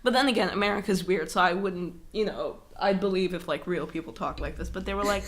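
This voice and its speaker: A young woman co-hosting a podcast in casual chat, animated, swearing, laughing and using lots of fillers. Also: medium pitch, brisk. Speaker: podcast co-host.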